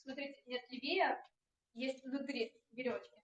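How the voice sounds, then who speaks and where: A woman guide calmly explaining things to visitors inside a church. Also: high voice, moderate pace.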